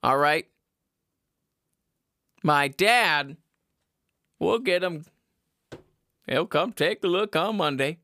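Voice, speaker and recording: A man's voice: fairly high pitch, animated, drawn-out words, long pauses, bright, forceful tone, dry recording. A young man hosting a podcast, talking in a casual, exasperated rant with swearing and frequent laughs. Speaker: podcast host. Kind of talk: casual ranting monologue. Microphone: headphones.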